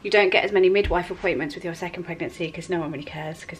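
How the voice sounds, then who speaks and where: A woman's voice: on the low side, very fast, slight background noise, rough recording. A woman with an English accent chatting casually to her camera in a rambling vlog, often correcting herself. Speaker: vlogger.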